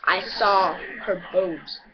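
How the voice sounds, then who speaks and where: A man's voice: high-pitched, steady tone, takes it slowly. A teenage boy rambling crudely and boastfully in a casual video monologue. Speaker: vlogger. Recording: dull audio with background chatter.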